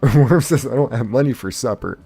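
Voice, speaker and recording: A man streaming a game live, casually reading his chat's messages aloud in a playful, excitable way. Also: mid-range voice, creaky, breathy edge, soft background music. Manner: reads chat messages aloud in quick succession, playful and excitable; casual, uses "y'all". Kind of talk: live gaming stream chat.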